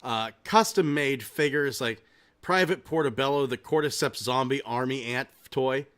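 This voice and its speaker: A man hosting a casual comedic podcast, telling rambling, excitable stories and swearing freely. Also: mid-range voice, moderate pace. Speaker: podcast host.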